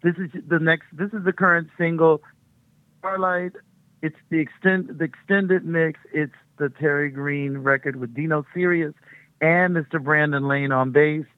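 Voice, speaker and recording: A woman's voice: low voice, fairly even intonation, normal speed, no echo. A woman musician interviewed over the phone, speaking effusively and gratefully. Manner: effusive and grateful, laughs often. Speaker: recording artist guest. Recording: tinny phone line.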